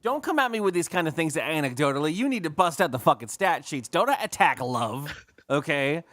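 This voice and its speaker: A man's voice: a little high, sing-song, brisk, a bit bright, no echo. A man co-hosting a podcast in casual chat, sighing, swearing and saying "like" a lot. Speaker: podcast co-host.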